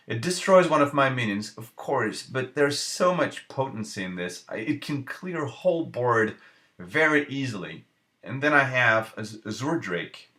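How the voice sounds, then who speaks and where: A man streaming live, thinking aloud over card game picks with halting restarts and playful self-mocking jokes. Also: mid-range voice, bright, forceful tone.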